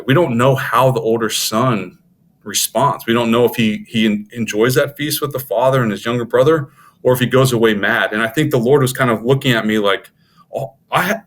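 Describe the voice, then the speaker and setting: A man's voice: mid-range voice, normal speed, fairly bright tone. A middle-aged man sharing an earnest faith testimony as a podcast guest, talking with frequent restarts. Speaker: podcast guest, former Navy SEAL officer.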